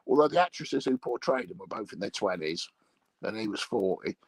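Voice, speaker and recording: A man with a gravelly, fry-laden voice rambles through bawdy comic chat, chuckling as he goes. His pitch jumps around a lot, and the sound is dry and close with little room. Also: animated, brisk, no echo, poor audio. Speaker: comic monologue host.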